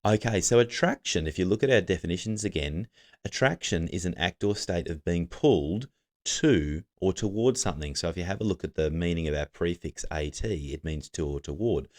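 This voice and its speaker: A man teaching a recorded literacy lesson, giving patient step-by-step instructions to students. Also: low voice.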